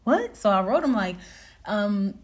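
A young woman hosting her podcast, telling a story in casual chat, animated, laughing often and swearing freely. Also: mid-range voice, measured pace. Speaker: podcast host.

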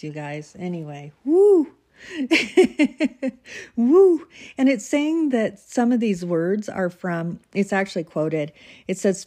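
Low mellow woman reading devotions. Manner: reads scripture aloud, then chats loosely and laughs at herself. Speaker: devotional reader. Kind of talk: casual devotional reading and commentary.

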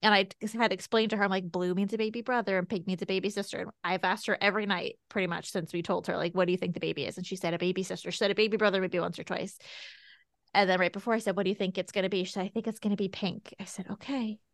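Fast-talking woman telling a story. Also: mid-range voice, fairly even intonation, no room sound, studio quality. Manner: chatty storytelling with lots of "like". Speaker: podcast co-host. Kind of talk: casual chat.

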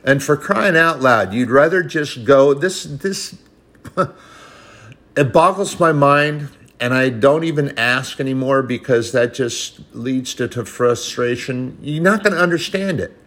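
A man's voice: medium pitch, expressive, slow, a bit bright. A man preaching a sermon, quoting scripture in an old-style cadence and building to emphatic, rising passages.

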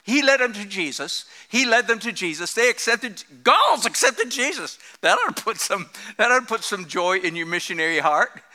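A man delivers a sermon with a bright, forceful edge. His pitch sits high and swings widely as he jokes and laughs at his own asides. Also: normal speed, few pauses. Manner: animated, joking, laughs often. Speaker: pastor.

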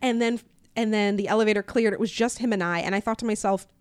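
A woman's voice: medium pitch, fast, smooth, dry recording, clean studio sound. A young Canadian woman co-hosting a podcast, telling stories animatedly and laughing often in casual chat. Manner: animated storytelling with frequent laughs. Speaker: podcast co-host.

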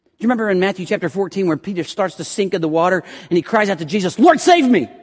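A male pastor preaching a sermon with passion, swinging from loud pleading prayers to hushed, quiet lines, often repeating words as he restarts. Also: high voice, racing, in a large hall. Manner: impassioned, rising to loud prayerful pleas then dropping to hushed tones.

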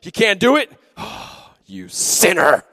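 A man voicing a big, strong show-off man who taunts in a loud voice. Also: high-pitched, big pitch swings, takes it slowly, big-room sound, voice pushed up, exaggerated voice. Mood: taunting.

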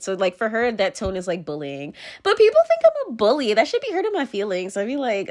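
A woman's voice: a little high, big pitch swings, a little fast. A young woman talking straight to camera in a blunt, rambling, swear-heavy monologue, often breaking into laughter. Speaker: vlogger.

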